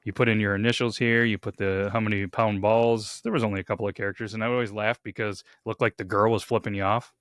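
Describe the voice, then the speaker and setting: A man's voice: lowish voice, flat delivery, fast, few pauses, a bit bright, dry recording. A man with a mid-range voice co-hosting a podcast in easy, casual chat. He describes things with little mouth sound effects, and the sound is dry and close. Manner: chatty, imitates game sounds. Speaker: podcast co-host.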